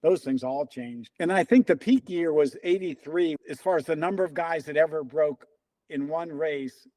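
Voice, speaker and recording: A man's voice: on the high side, moderate pace, no room sound, rough recording. A man around seventy, a former runner interviewed as a guest, telling stories and acting out the lines of the people in them. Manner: animated storyteller who acts out quoted dialogue. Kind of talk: casual storytelling interview.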